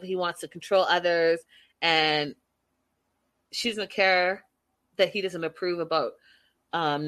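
Her voice sits on the low side with a bit of brightness as she hosts a laid-back recap of a reality show. Reading out viewer comments, she gives talkative, opinionated views sprinkled with fillers.

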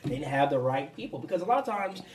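A male podcast host with a fairly high, bouncing voice, chatty and excitable. He sits a bit back from the microphone in the studio. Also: fast, distant mic. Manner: lively, excitable, laughs easily. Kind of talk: casual chat.

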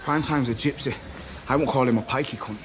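A man's voice: mid-range voice, fast, noisy background, natural voice. An actor playing a cheeky young male boxing gym hand, from film audio. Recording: film audio with score underneath.

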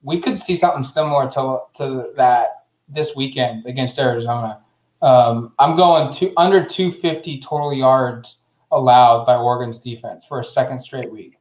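A man hosting a casual sports chat, thinking out loud about game predictions with plenty of "um"s. His voice sits at an ordinary middle pitch. It rings with a noticeable room echo. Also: moderate pace. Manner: relaxed, uses fillers, thinks aloud. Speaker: sports podcast host. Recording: roomy echo.

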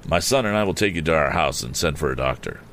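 A man doing a calm, steady middle-aged father. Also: rumbling low, a little hiss or hum, exaggerated voice. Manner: measured and reassuring.

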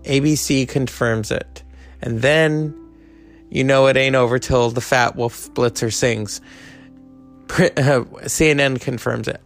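A man's voice: mid-range voice, gravelly. A man hosting a podcast, chatting in a loose, joking monologue that wanders from tangent to tangent. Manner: rambling, joking, full of tangents. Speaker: podcast host. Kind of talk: casual comic monologue.

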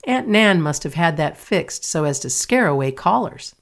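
A woman doing an excitable mischievous boy. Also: deep voice, normal speed, creaky. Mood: excited. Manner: boisterous, shouting.

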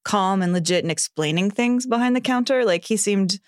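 A woman's voice: mid-range voice, expressive, a little fast, no room sound, clean studio sound. A woman guest on a podcast, chatting casually and telling stories in a wry way. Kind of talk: casual chat.

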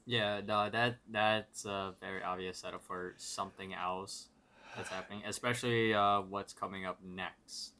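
A man's voice: low-pitched, a little slow. A man co-hosting a podcast, retelling a cartoon episode in a loose, joking way. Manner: relaxed, joking, loose storytelling. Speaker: podcast co-host. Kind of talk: casual episode recap.

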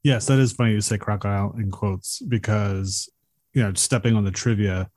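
A man in his fifties co-hosting a podcast, relaxed and reminiscing in casual chat. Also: fairly low pitch, moderate pace, no room sound, clean studio sound. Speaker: podcast co-host. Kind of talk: casual movie review chat.

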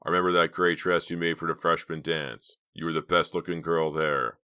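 A man's voice: a bass voice, fairly even intonation, brisk, bright, forceful tone, clear, resonant tone, full character voice. A man voicing a cocky teenage jock who talks in a jovial, teasing way.

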